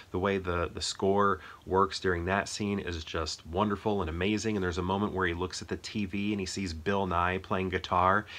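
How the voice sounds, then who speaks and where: A man's voice: sits low, fairly bright tone. A man chatting casually and enthusiastically about a favorite film, rambling with frequent restarts. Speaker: movie review host.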